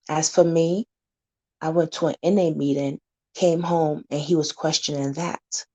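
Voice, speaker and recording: A woman's voice: low-pitched, fairly even intonation, slow pace, long pauses, darkish tone. A woman community advocate talking casually to camera, blunt and candid, warning her viewers and acting out scenes to make her point.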